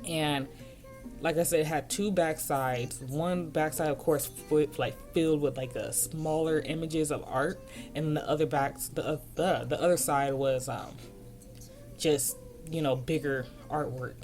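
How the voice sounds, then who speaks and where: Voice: mid-range voice, fairly even intonation, measured pace, a little mellow, soft background music. A young adult art vlogger telling a storytime in a casual, slangy, worked-up way. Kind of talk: storytime over a speedpaint.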